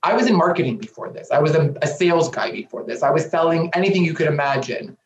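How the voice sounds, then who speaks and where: A man with a fairly high voice speaks quickly as an interview guest, earnest and emphatic, often repeating himself for weight in candid talk. The recording is roomy, dull and lo-fi, with a little hiss or hum.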